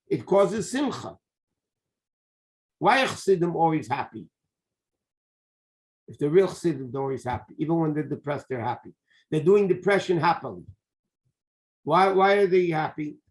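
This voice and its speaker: A high-pitched man lectures as a rabbi in a Torah class. He talks with energy, circles back to repeat his main points, and mixes Hebrew and Yiddish terms into his English. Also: moderate pace, pauses often. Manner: animated, repeats key phrases, sprinkles Hebrew and Yiddish terms. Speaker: rabbi teaching a Tanya class.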